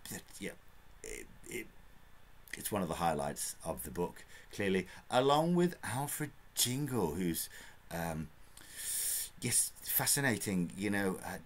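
A man's voice: low-pitched, slight background noise. A man giving an off-the-cuff book review in a rambling, chatty way, with frequent fillers and chuckles.

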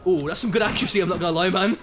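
A young man from Birmingham with a Birmingham accent, chatting excitably and in slang while streaming a game. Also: high-pitched, racing, over music. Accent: Birmingham English. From Birmingham, England. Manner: excitable, slangy, many hums of agreement. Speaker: live streamer. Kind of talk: casual gaming stream chat.

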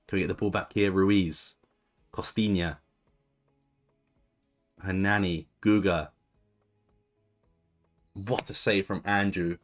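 A man's voice: deep voice, steady tone, takes it slowly, pauses often, faint music behind. A young man chatting casually as he comments on his own football management game, reacting to each move as it plays. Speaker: gaming YouTuber.

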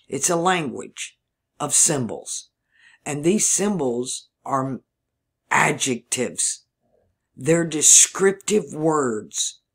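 A man from Mississippi with a Southern drawl, talking through a rambling solo monologue, thinking aloud and spelling words out letter by letter. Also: on the high side. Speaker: video channel host.

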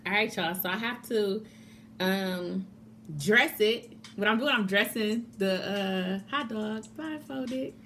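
A woman chatting casually to camera as a mukbang vlogger, excitable and calling her viewers y'all. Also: mid-range voice, slow pace, slight background noise.

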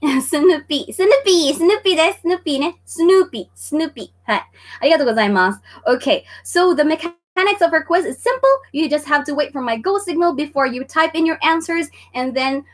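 Woman, livestream teacher, high and bright, chatty, giggly, greets chat. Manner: bubbly, laughs often, greets chat viewers by name. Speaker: online Japanese teacher. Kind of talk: livestream lesson, chatty quiz hosting.

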